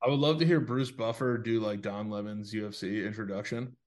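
A man's voice: fairly low pitch, steady tone, a little fast, a little mellow. A man co-hosting a podcast in easy, laid-back banter, with plenty of "like" fillers. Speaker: podcast co-host.

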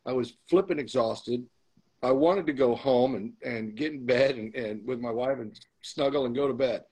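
A man's voice: medium pitch, moderate pace, darkish tone, slightly rough, low-quality recording. A man being interviewed as a guest, telling a candid story with emphatic, motivational repetition. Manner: emphatic, motivational, repeats phrases for stress.

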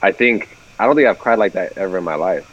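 A man's voice: deep voice, animated, dull audio. A man, a pro baseball player guesting on a podcast, telling an emotional story with many halts. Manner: emotional, halting. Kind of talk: casual chat.

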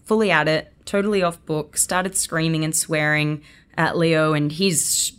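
An Australian woman in her twenties with a notably low voice. She tells animated anecdotes as a guest and slips into the voices of her own thoughts as she goes. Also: unhurried, smooth. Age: 20s. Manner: lively, acts out her own inner thoughts. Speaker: actress guest.

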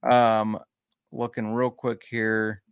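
A man's voice: lowish voice, monotone, slow, clean tone, no room sound, muffled recording. A man co-hosting a casual podcast, joking and easygoing, sometimes reading notes aloud. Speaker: podcast co-host.

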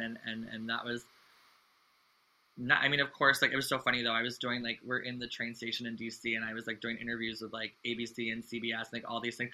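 A man's voice: medium pitch, pushed and bright, rough recording. A man in his thirties, a guest in an interview, talking in a chatty, effusive way with many fillers and restarts. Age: 30s. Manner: earnest and effusive. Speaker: guest, drag artist. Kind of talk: casual interview chat.

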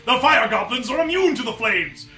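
A man playing a gloating, villainous male card duelist dressed in leather, shouting his moves. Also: very high-pitched, expressive, moderate pace, roomy sound, faint music behind, heavily acted.

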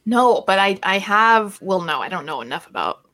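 A woman co-hosting a casual sports podcast over a video call, chatty and quick to laugh. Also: medium pitch, sing-song, sharp tone, no room sound. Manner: giggly, chatty. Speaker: podcast co-host.

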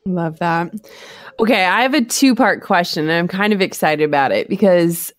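A woman's voice: on the low side, normal speed, no echo, clean studio sound. A woman hosting a podcast interview who asks questions and encourages her guest. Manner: encouraging, affirming listener. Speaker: podcast host.

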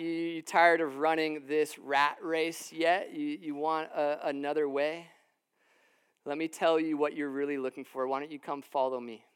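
A man's voice: on the high side, fairly bright tone, clear, resonant tone. A man preaching in a casual, conversational way, with lots of fillers and restarts, acting out what the people in his story say. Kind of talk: sermon. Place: room with a live audience.

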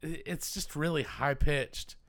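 A man's voice: a little high, fairly even intonation, unhurried, a bit bright. Man enthusing about camera work. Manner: enthusiastic, emphatic opinions on film craft. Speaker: podcast co-host. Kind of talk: casual film discussion podcast.

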